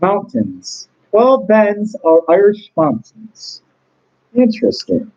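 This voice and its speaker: A trivia host casually reads out questions and answers, rambling with chatty, self-deprecating asides. His high-pitched, darkish voice is very animated yet slow, and the sound is lo-fi.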